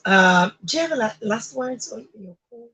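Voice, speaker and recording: A woman's voice: fairly high pitch, lively intonation, moderate pace, pushed and bright, breathy edge, poor audio. A Nigerian woman in her thirties hosting a radio talk show, giving earnest, chatty advice with fillers and laughs.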